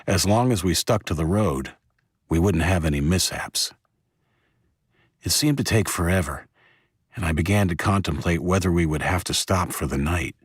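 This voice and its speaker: Male audiobook narrator, low husky voice, steady delivery, dry close sound. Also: moderate pace, no room sound. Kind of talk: first-person audiobook narration.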